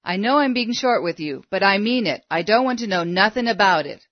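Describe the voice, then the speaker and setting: A woman reading aloud as a curt young male game warden in a storybook, gruff and defensive, with short rustic replies. The recording is dry and a little dull and lo-fi. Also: sits high, animated, a little fast, no room sound.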